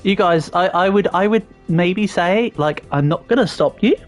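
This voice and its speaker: Streaming a game, an Englishman with a fairly posh southern accent reads and banters with his chat in a high-pitched voice at moderate speed. Faint music sits in the background, and his casual talk is full of ums and restarts.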